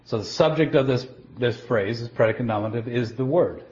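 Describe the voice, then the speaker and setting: A man preaching a Bible teaching, explaining scripture step by step in a deliberate way, often stopping to restart a word. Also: medium pitch, a little mellow. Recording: dull lo-fi recording.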